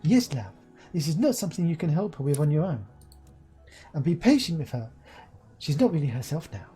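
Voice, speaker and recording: A woman's voice: low voice, very animated, fairly quick, dark tone, slightly rough, soft background music, exaggerated voice. A woman voicing a doting older mother with an odd put-on accent, fussing and calling her child dear and love. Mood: concerned. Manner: fussy, soothing, calls everyone dear and love.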